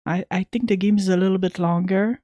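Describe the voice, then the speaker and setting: A woman's voice: mid-range voice, fairly even intonation, fairly quick, dark tone, no echo. A woman chatting casually with viewers while streaming an old computer game, reading its text aloud now and then.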